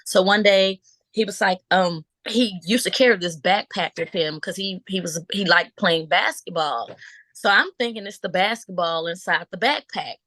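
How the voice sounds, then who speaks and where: A middle-aged woman from Buffalo, New York, a business owner telling her story in a casual interview, with lots of ums and restarts and lively acted-out quotes. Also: on the low side, normal speed, no echo. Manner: animated storyteller, acts out quotes, laughs often; frequent um fillers and restarts.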